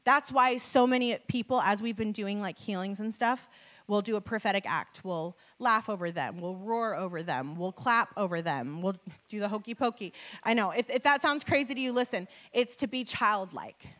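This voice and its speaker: A woman's voice: mid-range voice, normal speed. Chatty woman telling a sermon story. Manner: chatty, lots of filler likes, animated retelling. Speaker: church speaker.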